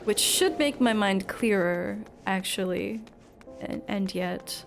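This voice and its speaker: A woman streamer talks casually over her game, rambling and joking at her own expense. Her pitch sits in a middle range, and faint music plays underneath. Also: takes it slowly, gravelly. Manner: rambling and self-mocking, reading game dialogue aloud. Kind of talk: casual gameplay commentary.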